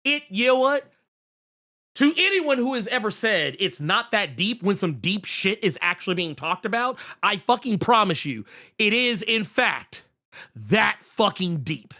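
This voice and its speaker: Man, podcast co-host, bright tone, swinging pitch, heated profane rant, stumbling restarts. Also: very animated, a little slow. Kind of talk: casual comics podcast chat, reading viewer messages.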